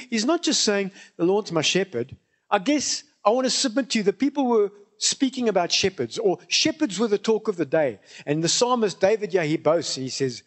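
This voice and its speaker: A man preaches a sermon in a notably high voice. He speaks emphatically and drives his points home by repeating key phrases.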